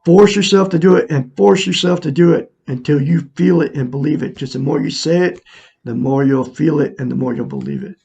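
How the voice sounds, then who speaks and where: Older man in his 60s, gravelly and husky, slightly high, earnest and preachy, talking straight to camera. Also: fairly quick, a little mellow, dull audio. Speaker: self-help vlogger. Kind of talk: casual monologue to viewers. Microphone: camera mic, looking into a mirror.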